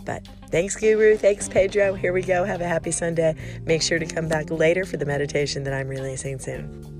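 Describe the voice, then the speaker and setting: A woman hosting her own podcast in casual chat, with a gravelly edge to her voice. She talks appreciatively and warmly to her callers. Plucked guitar music plays clearly behind her. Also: low-pitched, flat delivery, fairly quick. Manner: friendly and appreciative toward callers. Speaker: podcast host. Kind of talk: casual chat reading listener messages.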